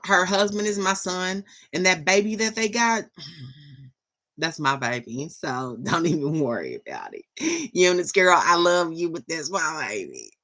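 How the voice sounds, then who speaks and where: A woman's voice: on the low side, big pitch swings, measured pace, fairly bright tone. A middle-aged woman vlogging in a rambling, chatty and enthusiastic way. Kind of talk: casual chat.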